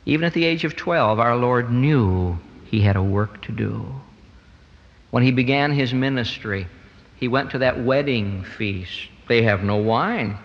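A man preaching a sermon, swinging between quiet stretches and loud emphatic peaks. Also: long reverb tail, dull audio. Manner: dramatic swings in pitch and loudness, rising to emphatic peaks.

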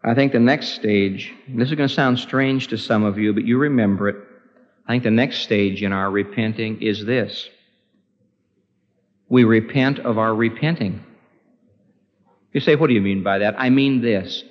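A man preaching a sermon with impassioned, pleading delivery, his voice climbing high in prayer. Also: normal speed, pauses often. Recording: dull lo-fi recording with long hall reverb.

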